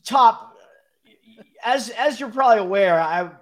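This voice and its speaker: Boston dude on painkillers, high bouncy voice, rambling and cussing. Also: male voice, expressive, unhurried. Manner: rambling, laughing, swearing. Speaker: podcast co-host. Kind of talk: casual podcast banter.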